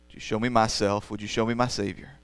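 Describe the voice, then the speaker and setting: A man's voice: on the low side, flat delivery, fast, clean tone. A man preaching a sermon as the pastor, earnest and rising to emphatic passages.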